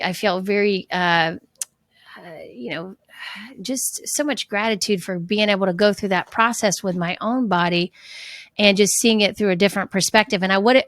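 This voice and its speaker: A middle-aged woman speaks as a guest in a casual interview, earnest and reflective, often restarting her sentences as she thinks aloud. Her voice sits at a middle pitch and sounds dry and close, with no room echo. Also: fairly bright tone. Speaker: guest, fitness trainer and coach.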